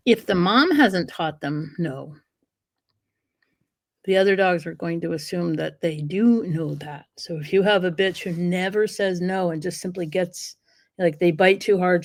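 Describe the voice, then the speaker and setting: A woman guest in a casual interview, a lively storyteller who often acts out what dogs would say. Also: on the low side, no echo, studio quality. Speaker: guest, dog breeder and trainer.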